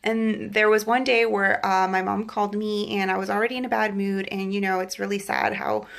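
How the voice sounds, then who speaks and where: A woman's voice: mid-range voice, flat delivery, fairly quick, gravelly, a bit bright. A young woman telling a personal faith testimony in a chatty vlog, full of "like" and acted-out quotes. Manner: chatty, fillers of "like", acts out quotes. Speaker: vlogger. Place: Los Angeles area.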